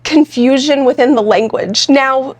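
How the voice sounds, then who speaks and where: A woman's voice: high voice, measured pace. A woman co-hosting a podcast, explaining points directly and walking through examples. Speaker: podcast co-host. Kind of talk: casual conversational podcast talk.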